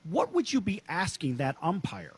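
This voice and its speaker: A man's voice: high voice, wildly swooping pitch, normal speed, breathy edge, no room sound. A male co-host setting up a hypothetical question in a casual interview.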